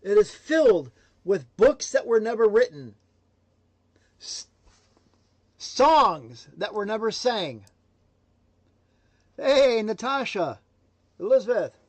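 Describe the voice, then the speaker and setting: A man giving a motivational livestream talk, emphatic and swinging between loud declarations and hushed asides. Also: sits high, sing-song, slow, pauses often, no echo. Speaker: motivational speaker.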